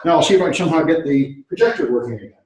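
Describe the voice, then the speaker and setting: A man's voice: fairly high pitch, expressive, racing, a little mellow. A man lecturing a college class, talking to himself casually as he tries to get the speakers and projector working. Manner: casual, muttering while he fiddles with gear. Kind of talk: talking to himself while setting up class equipment. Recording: echoey classroom, voice far from mic.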